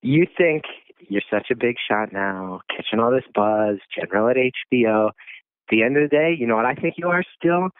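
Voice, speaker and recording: Man in a comedy phone bit, mid-pitched, ranting indignantly, tinny phone line. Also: expressive, brisk, smooth, no echo. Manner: indignant, ranting, mock outrage. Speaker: comedian caller. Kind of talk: improvised comedy phone call.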